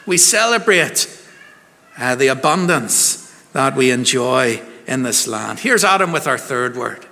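Bright, chatty minister. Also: male voice, mid-range voice, lively intonation, measured pace, big-room sound. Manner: chatty, jokey, quizzing the congregation. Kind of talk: harvest service sermon. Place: church.

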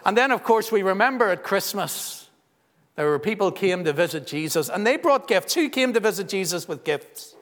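Pastor, man, high voice, quizzing kids into a handheld mic, long church reverb. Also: expressive, normal speed. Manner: warm, teasing, quizzes children. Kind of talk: children's talk in a church service. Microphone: handheld microphone passed around.

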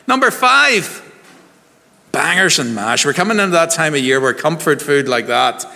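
A man's voice: medium pitch, animated, fairly quick, sharp tone, long reverb tail. A man, a minister giving a harvest service sermon in a chatty, jokey way and quizzing the congregation. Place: church.

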